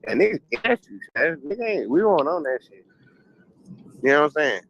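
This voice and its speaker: A man's voice: on the high side, big pitch swings, fairly quick, fairly bright tone, highs cut off, slight background noise. A man from Richmond with a Virginia accent, telling stories laid-back in casual chat and swearing freely. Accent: Southern US, Virginia.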